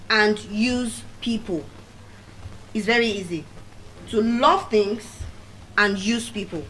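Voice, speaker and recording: A middle-aged woman with a Nigerian accent, giving a motivational speech as animated storytelling and repeating key phrases for emphasis. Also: fairly high pitch, slow, pauses often, a little hiss or hum, poor audio. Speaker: motivational speaker. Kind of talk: public speech.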